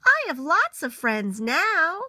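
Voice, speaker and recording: A woman voicing a lonely, eager young male beaver in a storybook read-aloud, with a high, bright voice. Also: big pitch swings, a little slow, no echo, clean studio sound, full character voice. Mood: joyful.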